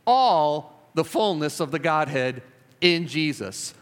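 A man's voice: fairly high pitch, animated, slow. A man preaching a sermon, emphatic and repetitive, building phrases to fervent climaxes. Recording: long reverb of a large hall.

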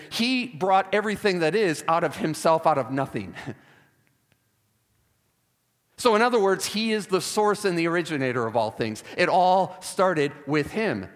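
A man preaching a sermon, emphatic and repeating key words for stress, with wry asides. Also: fairly high pitch. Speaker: pastor. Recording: long hall reverb.

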